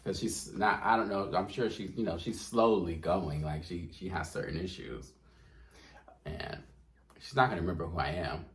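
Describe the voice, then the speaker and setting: A man's voice: low voice, moderate pace. A man hosting a podcast, chatting casually and telling stories, laughing often. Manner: animated storyteller, laughs often. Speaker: podcast host. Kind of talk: casual chat.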